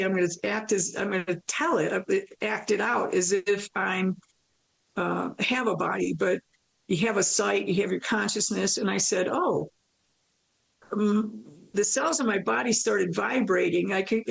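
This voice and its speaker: A woman recounting a near-death experience in an interview, animated and storytelling, acting out her own thoughts and laughing often. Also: mid-range voice, moderate pace, gravelly, slightly rough, poor audio.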